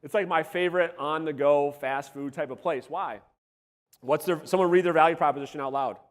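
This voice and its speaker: A man coaching a room of real estate agents at a live seminar, energetic and profane, quizzing the audience, his voice going hoarse. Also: fairly high pitch, fairly quick, long reverb tail.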